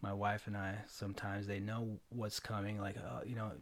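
A man's voice: fairly low pitch, flat delivery, normal speed, crowd noise. A middle-aged man in casual chat, reflecting and giving advice on relationships.

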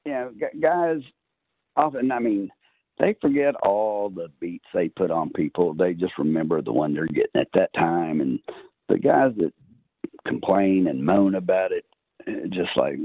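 A man's voice: low voice, lively intonation, a little slow, dry recording. A man with a Texan accent telling a long poker story as a podcast guest, rambling with many uhs and ums. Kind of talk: casual storytelling. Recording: dry, tinny phone-line sound.

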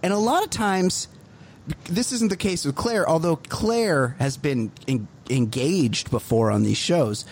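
A man co-hosting a comedy podcast, telling stories in an animated, profane way and laughing as he goes. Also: on the high side, unhurried, slight background noise. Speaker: podcast co-host. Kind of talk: casual comedic chat.

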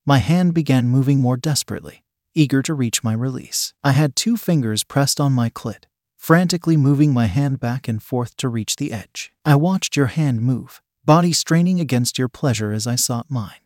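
A man's voice: medium pitch, normal speed, darkish tone, dry recording. Man narrating in a dry, intimate tone. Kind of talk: scripted erotic story narration.

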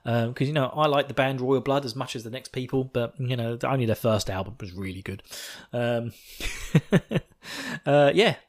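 A man's voice: medium pitch, moderate pace. A man hosting a podcast, recapping an episode in a rambling, giggly way full of swearing, buzzing on coffee. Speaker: podcast host.

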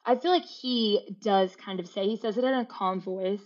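A young woman co-hosting a casual chat, informative and quick with lively asides. Her voice sits in a middle register, and the audio is a bit dull and muffled. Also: medium pitch. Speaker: podcast co-host. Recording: dull lo-fi sound.

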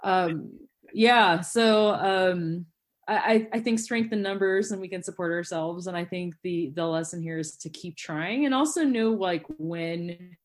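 A woman's voice: lowish voice, a little slow. A woman hosting a podcast in casual chat, telling stories animatedly with lots of fillers. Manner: animated storyteller, many "like" and "um" fillers. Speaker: podcast host.

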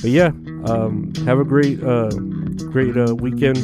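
A man's voice: mid-range voice, fairly even intonation, slow, loud music behind the voice. A man hosting a podcast in a casual, rambling, profane monologue full of filler words. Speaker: podcast host.

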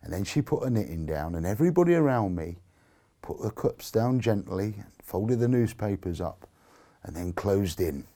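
A man's voice: fairly low pitch, animated, normal speed, dark tone. A man, a blind army veteran, telling his own story in earnest, emotional terms and acting out the dialogue he remembers. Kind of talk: personal storytelling talk.

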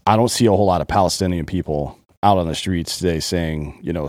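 A man's voice: deep voice, quick pace, darkish tone, no room sound, clean studio sound. A man co-hosting a podcast in casual chat, blunt and profane, talking with heavy emphasis. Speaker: podcast co-host.

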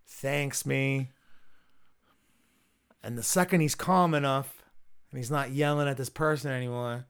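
Here a podcast host speaks in a smooth, mid-range voice. He's casually spinning a long, profanity-laced story full of quoted dialogue from the people in it.

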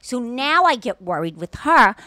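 An older woman with a fairly high voice chats on a podcast, her pitch leaping around as she tells a story and swears without a second thought. She sounds worn out and a little scratchy in the throat. The sound is dry and close, with no room around it. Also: moderate pace, dry recording. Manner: animated storyteller, swears freely. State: sore-throated, exhausted. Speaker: podcast co-host. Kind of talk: casual chat.

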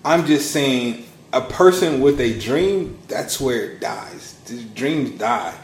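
A man in his thirties, a podcast guest telling his story in a casual, animated way. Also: slow, roomy sound, a little hiss or hum. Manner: animated storyteller, acts out quotes with big pitch swings. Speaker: podcast guest, launch strategist.

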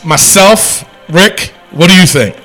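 A man co-hosting a casual wrestling podcast, talking in an animated, rambling way with restarts. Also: high voice, slow, faint music behind, rough recording. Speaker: podcast co-host.

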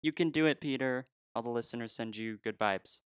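A man's voice: mid-range voice, a little fast, smooth. A man co-hosting a podcast, chatting casually and rambling with frequent laughs. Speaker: podcast co-host. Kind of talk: casual chat.

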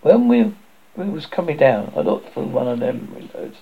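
A man voicing a plump, asthmatic schoolboy who is anxious and eager to please, with a raised boyish pitch and plain working-class speech, in a storybook reading. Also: sing-song, normal speed, creaky, slightly rough, full character voice. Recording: dull lo-fi recording.

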